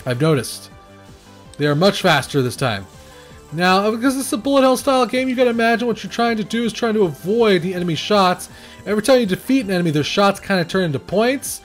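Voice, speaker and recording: His voice is high, with lively intonation, and he talks fast over faint background music. As a game reviewer commenting on the game he's playing, he meanders, hesitates with plenty of fillers, and gets nervously exclamatory under pressure.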